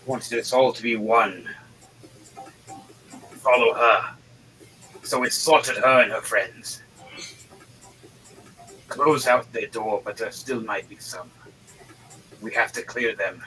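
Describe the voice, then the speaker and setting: A man doing a gruff pipe-smoking dwarf lord. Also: on the low side, fairly even intonation, measured pace, long pauses, pushed and bright, a little hiss or hum, rough recording. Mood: grave.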